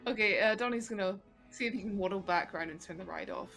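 A woman's voice: medium pitch, fast, music in the background. A woman taking part as a player in a tabletop game, chatting in a light, amused way. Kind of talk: casual tabletop play.

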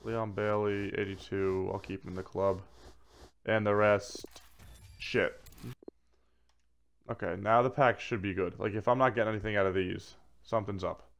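A man giving casual commentary while opening packs in a video game, swearing freely and swinging between flat grumbling and excited shouts. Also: lowish voice, moderate pace, vocal fry, long pauses. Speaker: gaming video creator.

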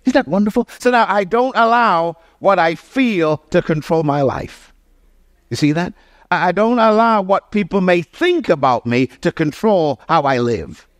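A middle-aged man preaching a sermon with emphasis, dropping to low murmurs and rising to raised exclamations while asking the congregation question after question. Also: lively intonation, normal speed, no echo, studio quality. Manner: asks the congregation questions again and again. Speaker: pastor.

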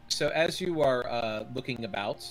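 A man's voice: mid-range voice, moderate pace, faint music behind, low-quality recording. A man narrating a tabletop game as dungeon master, with many "uh" fillers. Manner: relaxed narration full of "uh" fillers.

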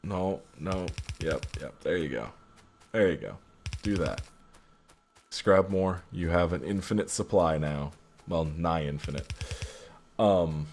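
Young man, gameplay commentary, self-critical muttering, a bit low-pitched. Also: takes it slowly, long pauses, darkish tone, slight background noise. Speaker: gaming channel host. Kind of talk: casual let's play commentary.

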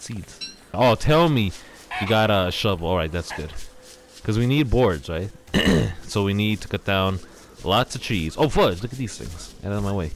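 A man casually commentating on his own gameplay, rambling and exclaiming often, a little out of breath. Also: lowish voice. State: slightly out of breath. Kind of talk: casual let's-play commentary.

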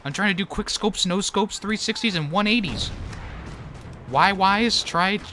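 A man's voice: high voice, a little slow, pushed and bright, a little hiss or hum. A man streaming a war video game, giving casual joking commentary, laughing often and swearing now and then.

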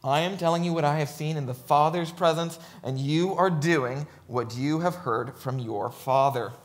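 A man delivering a church sermon, moving between read scripture and emphatic commentary. His voice sits a little higher than most men's, and he keeps asking "right?" to draw listeners along. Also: normal speed. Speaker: preacher.

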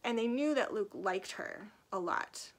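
Animated woman reviewing a book. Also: mid-range voice, a little slow. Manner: lively retelling with acted character quotes; laughs often while talking. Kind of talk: casual book review vlog.

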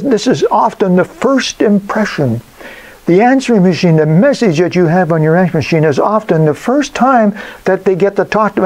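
An older man giving casual business advice on phone manners, emphatic and folksy, with lively jumps in pitch. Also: low-quality recording. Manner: animated, emphatic, folksy asides. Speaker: business coach.

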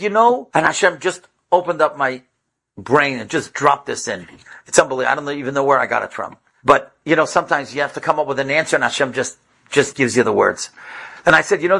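A rabbi telling a story in an animated way, his voice jumping high at dramatic moments and sprinkled with Hebrew and Yiddish terms. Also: creaky, slightly rough. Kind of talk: storytelling talk.

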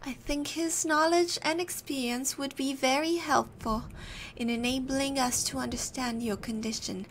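A woman voicing a calm formal male therapist. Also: medium pitch, measured pace, slight background noise, natural voice. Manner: reads aloud in a put-on weird accent. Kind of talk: let's play dialogue reading.

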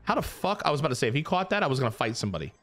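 Excitable young man swearing at a game. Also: medium pitch, racing, soft background music. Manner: excitable, self-mocking, swears a lot. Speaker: gaming YouTuber. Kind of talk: casual gameplay commentary.

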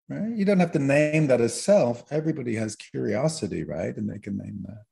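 A man's voice: mid-range voice, expressive, fairly quick, gravelly, hardly any pauses, mellow. A man teaching as a podcast guest, explaining in a chatty way and tagging his points with "right?". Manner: explanatory, peppers talk with "right?". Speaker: guest therapist trainer.

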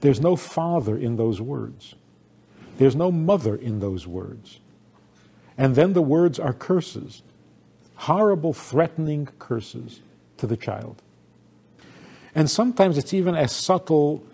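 A man's voice: on the high side, lively intonation, measured pace, a little mellow. An older man, a rabbi, giving a sermon-style talk with stories, acting out quoted voices and laughing along.

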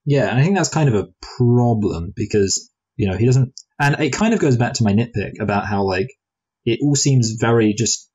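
A man with a low, somewhat husky voice talks through a film review in a loose, rambling way. He often restarts his sentences and drifts into playful what-if asides. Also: dark tone, dull audio. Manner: rambling, hesitant, full of restarts and fillers. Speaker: film review podcast co-host. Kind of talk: casual film review chat.

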